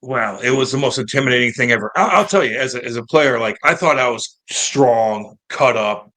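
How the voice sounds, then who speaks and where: A man in his thirties from St. Louis, a former pro hockey player telling stories in a casual, animated and profane interview. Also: medium pitch, brisk. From St. Louis, United States. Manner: animated, profane, acts out quoted voices.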